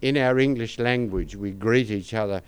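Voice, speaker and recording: A man's voice: on the low side, normal speed, clear, resonant tone. An older Australian man giving a conversational sermon, with anecdotes and asides to the congregation. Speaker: pastor.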